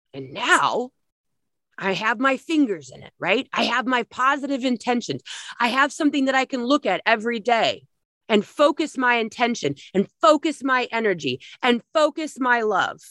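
A woman's voice: high-pitched, sharp tone, dry recording, studio quality. A middle-aged woman giving a blunt, emphatic spiritual talk, swearing freely as she advises people.

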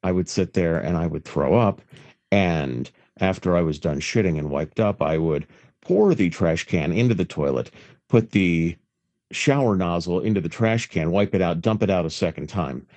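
A man with a very low, hoarse voice, worn down by illness, rambles through a crude story in casual podcast banter. He speaks over a phone line with a dry, close sound and no room echo. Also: moderate pace, a little mellow. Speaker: podcast co-host. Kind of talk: casual chat. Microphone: phone call.

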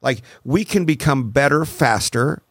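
A podcast host in his forties chats casually and tells stories with animation, acting out the dialogue. His mid-range voice is slightly rough and a little slow, recorded with clean studio sound and no room echo.

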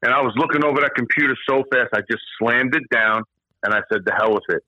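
A middle-aged man, a former hitting coach, guesting on an interview and telling lively anecdotes. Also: mid-range voice, fast, no room sound. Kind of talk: conversational storytelling. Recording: slightly muffled, dry sound.

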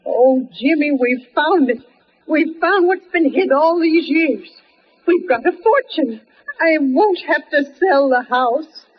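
An actress playing a fretful, folksy older aunt, in 1940s radio acting on a muffled old recording. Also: female voice, high voice, animated, takes it slowly. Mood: overjoyed. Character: Aunt Lou, older rural woman, fretful.

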